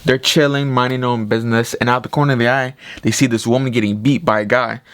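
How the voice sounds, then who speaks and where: A man reviewing a movie in a casual, excited retelling full of "like". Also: medium pitch, quick pace, no room sound. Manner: excited retelling, heavy use of 'like'. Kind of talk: casual spoken film review.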